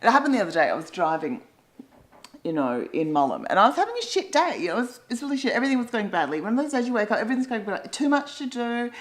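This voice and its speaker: A middle-aged woman with an Australian accent tells a comic monologue at a quick clip. Her pitch leaps all over the place as she rambles and mocks herself. Now and then she breaks into loud, sweary outbursts. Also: big pitch swings, low-quality recording. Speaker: comedian and columnist.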